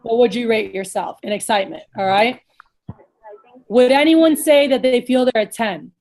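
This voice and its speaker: A woman with a slightly high voice leads a casual coaching session for sales managers over a video call. She talks bluntly and with plenty of energy, drops the odd swear word, and acts out lively sales pitches. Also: normal speed.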